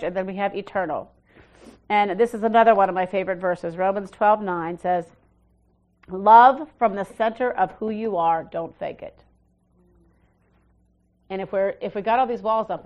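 Woman preaching a conversational sermon. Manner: conversational, with frequent asides and restarts; swings from emphatic to soft and low. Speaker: pastor.

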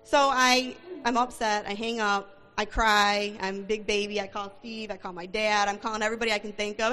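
A middle-aged woman giving a church testimony, telling her story in an animated way and acting out the dialogue. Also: mid-range voice, brisk, few pauses. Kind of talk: testimony sermon.

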